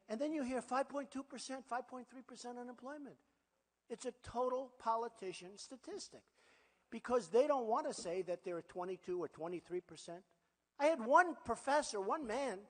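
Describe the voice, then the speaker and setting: A man in his sixties speaks at a campaign rally with a raised, fairly high pitch for a man. He boasts, repeats himself and turns to the crowd with offhand asides. His voice rings out with a long reverb in a big hall. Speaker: political candidate.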